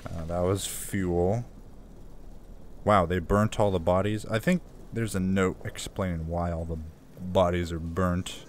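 Brief: gamer guy narrating his horror playthrough, casual and jokey, lower voice, faint background hiss. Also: fairly even intonation, a little slow. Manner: casual, joking, reads game notes aloud. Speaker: let's play gamer. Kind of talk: gameplay commentary.

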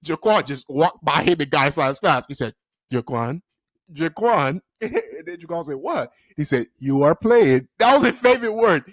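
A young man with a Miami accent tells a school story straight into the camera, slangy and animated, breaking into laughter often. His voice sits a little high for a man. The sound is close and dry, with no room echo. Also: a little fast, few pauses, breathy edge. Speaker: storytime vlogger. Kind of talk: casual storytelling vlog.

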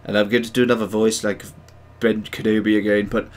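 Brisk and level in tone, a man with a lowish voice hosts a digital sculpting livestream. He rambles in a casual way, reads the chat aloud, and pokes fun at himself.

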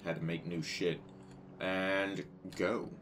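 A man's voice: low voice, slow pace, noisy background. Crude, joking young man gaming. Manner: crude, joking, bursts into loud excited shouting. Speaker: gaming YouTuber. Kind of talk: casual let's-play commentary.

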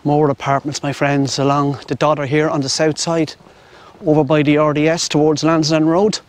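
A man's voice: fairly high pitch, flat delivery, normal speed. A middle-aged Irish man rambling chattily as he walks a riverside path, talking to his viewers and to the birds, on a clip-on mic. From Ireland. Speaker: vlogger. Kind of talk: casual walking commentary. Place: outdoors on a riverside path in a city. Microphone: wireless clip-on mic.

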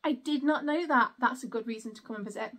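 A woman's voice: fairly high pitch, fast, a bit bright. A woman, chatting through an unboxing and exclaiming often. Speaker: vlogger. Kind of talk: casual unboxing chat.

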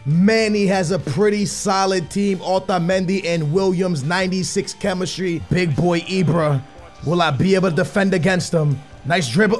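A young man giving excitable live commentary on his own football video game matches, muttering while he concentrates and yelling when he scores. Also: sits high, moderate pace, soft background music. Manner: excitable, bursts into shouting at goals. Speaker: gaming YouTuber.

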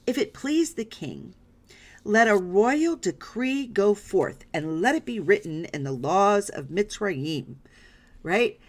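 A woman's voice: mid-range voice, sing-song, slow pace. A woman Bible teacher reading scripture aloud and stopping to explain it, often checking in with "right?" and "okay?". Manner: reads passages aloud, then stops to explain.

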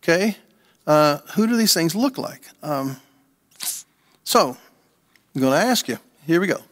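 A man's voice: a little high, lively intonation, measured pace, a bit bright, in a large hall. An older man preaching a casual, playful sermon as pastor, leading call-and-response with his congregation. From USA. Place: church sanctuary.

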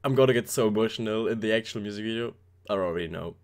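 A man's voice: on the low side, racing. A man giving casual reaction commentary, rambling and joking as he talks straight to his viewers. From Germany. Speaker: K-pop reaction YouTuber.

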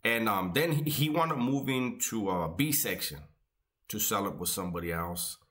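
Recalling his years in prison, a man tells casual stories in a laid-back, joking, profane way. His voice is fairly low and fairly bright, moving at a normal speed.

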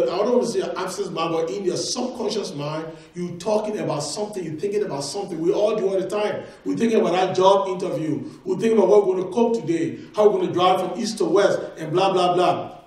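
Guy giving a sermon, kinda high voice, super echoey church, mic far off. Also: darkish tone. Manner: conversational preaching, acts out quoted exclamations. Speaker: preacher. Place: church sanctuary.

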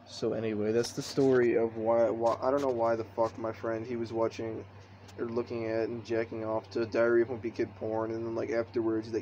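A man's voice: mid-range voice, completely flat delivery, fairly quick, dark tone, lo-fi sound, a little hiss or hum. A man telling a story in a vlog, rambling and swearing constantly. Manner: profane, rambling.

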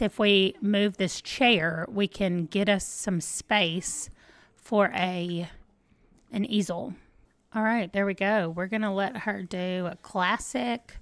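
A woman's voice: medium pitch, a bit bright, no echo. A woman hosting a let's play, chatting casually and thinking aloud as she plays. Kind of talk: casual gameplay commentary.

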